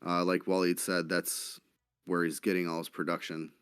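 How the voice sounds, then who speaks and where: Deep-voiced man, hesitant and dry. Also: flat delivery, moderate pace, a bit bright, clear, resonant tone, no echo. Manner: hesitant, many fillers. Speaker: panelist. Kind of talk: casual sports betting chat.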